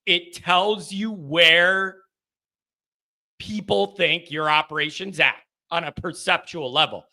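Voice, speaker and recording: A man running his own call-in sports show talks in a loose, rambling way, poking fun at himself as he goes. His voice sits high and rings sharp and bright. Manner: rambling, self-deprecating, quick laughs. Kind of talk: casual sports talk monologue.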